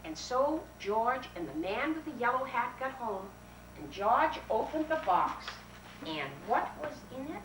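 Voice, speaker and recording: A woman reading a picture book aloud to children in a library, lively and animated, coaxing the little ones along. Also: fairly high pitch, measured pace, noisy background. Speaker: children's storyteller and French teacher. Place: library story-hour room. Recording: roomy 1970s library tape, mic far off.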